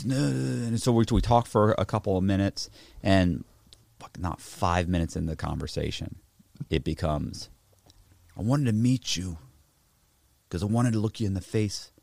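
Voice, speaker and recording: A man telling a story in casual chat, profane and animated, acting out both sides of a conversation. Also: fairly low pitch, normal speed, gravelly, dry recording. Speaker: podcast host telling a story.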